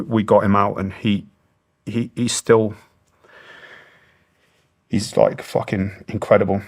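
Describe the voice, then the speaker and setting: A middle-aged British man, a former soldier, telling war stories bluntly and emotionally in an interview, swearing heavily. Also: lowish voice. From Britain. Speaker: guest, former special forces soldier. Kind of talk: candid interview storytelling.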